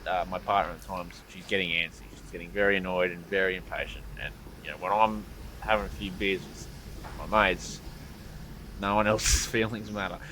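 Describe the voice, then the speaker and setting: A man's voice: deep voice, noisy background. An Australian man co-hosting a podcast, telling a crude story in casual chat, swearing freely and laughing as he goes. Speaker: podcast co-host.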